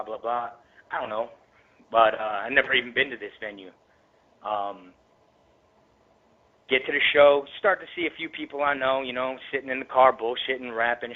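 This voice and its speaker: A man guesting on a radio show, telling a rambling story with lots of profanity in a casual, animated way. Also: medium pitch. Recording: tinny phone line.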